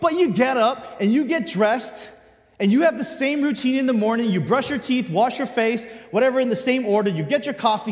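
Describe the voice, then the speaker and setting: A man's voice: extremely high pitch, darkish tone, long reverb tail. A man delivering a sermon in a conversational way, speaking directly to his congregation. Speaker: pastor.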